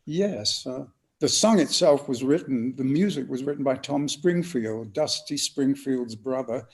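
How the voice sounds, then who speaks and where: A man's voice: medium pitch, unhurried. An older man from England, telling stories expressively as a guest in an interview. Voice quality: lively, expressive storyteller's delivery. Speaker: guest actor. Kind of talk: storytelling interview answers.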